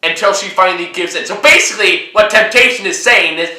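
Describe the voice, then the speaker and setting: A man's voice: high voice, fast talker, bright, forceful tone, roomy sound. A man hosting a casual movie review chat, laughing often and ranting with plenty of swearing. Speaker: host.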